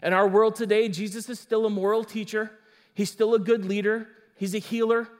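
Man, pastor, sermon, high voice, emphatic, conversational asides. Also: level tone, fairly quick.

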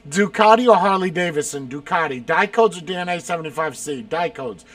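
A man quickly answering rapid-fire either-or questions in a casual chat, swearing freely and now and then shouting or laughing. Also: fairly high pitch, expressive. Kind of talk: casual chat, lightning round.

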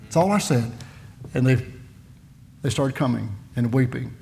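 A man in his sixties, a missionary preaching a folksy sermon in a church, telling personal stories and building to loud, fervent peaks. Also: medium pitch, lively intonation, a little slow, gravelly. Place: church sanctuary.

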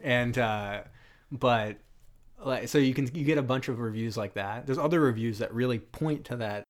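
A man co-hosting a casual movie podcast, rambling and animated, laughing often as he talks. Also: medium pitch, normal speed. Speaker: podcast co-host. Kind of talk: casual chat about bad movies.

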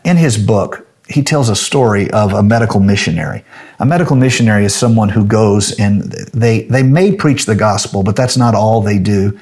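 A middle-aged male pastor giving a conversational devotional sermon, pausing often with fillers and restarts, then praying. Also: fairly low pitch, a little mellow, slightly rough. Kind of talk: sermon devotional with closing prayer.

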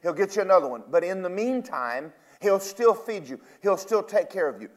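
Preaching a sermon, this man retells scripture in loose, everyday paraphrase. His voice sits high and has a sing-song quality, punctuated by loud emphatic outbursts and quiet, lingering asides.

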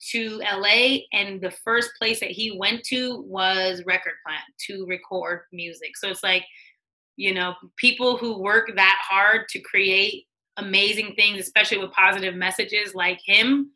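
Bright-voiced woman telling stories. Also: mid-range voice, measured pace, rough recording. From United States. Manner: animated, acts out quoted voices, laughs often. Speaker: guest, music executive. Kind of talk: casual interview storytelling.

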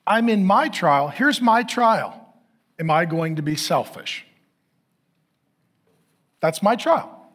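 High-voiced pastor telling a self-mocking story. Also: male voice, very animated, takes it slowly, pauses often, a bit bright. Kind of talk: sermon.

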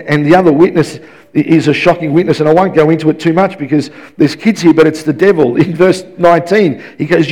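A man's voice: on the high side, darkish tone. A man in his fifties preaching a sermon in an emphatic, repetitive way, often restarting his sentences.

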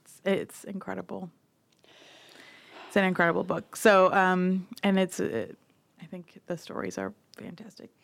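A woman's voice: lowish voice, flat delivery, a little slow, gravelly, long pauses, no echo. A woman co-hosting a casual chat show, talking about books in a rambling, chatty way with many fillers and restarts. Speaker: podcast co-host recommending books.

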